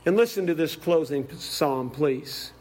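A male preacher with a high-pitched voice delivers a sermon. He tells stories with heartfelt feeling and recites scripture from memory. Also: unhurried, a little mellow, a little hiss or hum. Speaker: visiting preacher.

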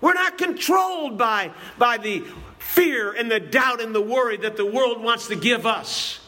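Male pastor, very high pitch, impassioned sermon delivery in church, repetitive emphatic cadence. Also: lively intonation, measured pace, sharp tone. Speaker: preacher. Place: church building.

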